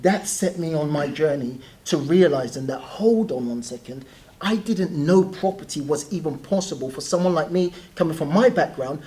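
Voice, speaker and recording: A young man, a guest telling animated stories in a casual interview and often laughing as he talks. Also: fairly high pitch, normal speed. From South East London.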